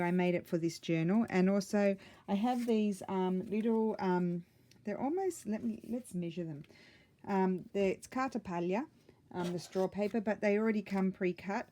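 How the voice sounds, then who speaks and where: A woman chatting casually and excitedly as she flips through a handmade journal, rambling with many ums and self-corrections, a little out of breath. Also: medium pitch. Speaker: craft vlogger.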